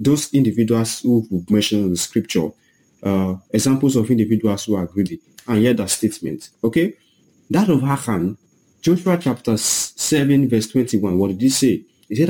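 A man's voice: on the low side, warm tone, breathy edge, rough recording. A man preaching a sermon, emphatic, acting out quoted lines in a raised, strained voice.

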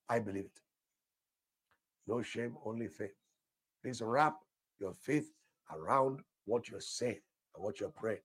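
A man's voice: lowish voice, unhurried, long pauses, breathy edge. An older male pastor leading fervent prayer, repeating short declarations and breaking into speaking in tongues.

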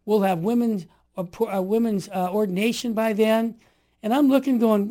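A woman's voice: a little high, fairly even intonation, moderate pace. A woman in her sixties, an interview guest telling stories in an emphatic, impassioned way. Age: 60s. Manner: emphatic, rising to near-shouts. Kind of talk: impassioned storytelling.

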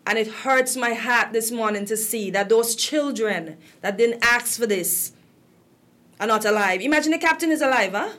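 A Guyanese woman with a fairly high, fairly bright voice speaks at a moderate pace in her Guyanese accent. Her casual, emotional talk is impassioned and indignant, her voice rising as she gets upset.

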